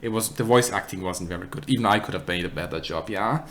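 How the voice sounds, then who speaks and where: A man's voice: deep voice, fast, few pauses, fairly bright tone, a little hiss or hum. German-accented man chatting on stream. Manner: rambling, frequent restarts and self-corrections, dry humour. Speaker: streamer answering chat questions. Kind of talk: casual live-stream Q&A. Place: apartment.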